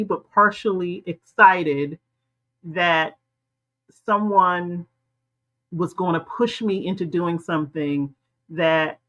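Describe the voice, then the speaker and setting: A woman life coach hosting a reflective livestream, speaking in an earnest, heartfelt way with many pauses and fillers. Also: on the low side, bright, forceful tone, lo-fi sound. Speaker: life coach and show host. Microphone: webcam livestream.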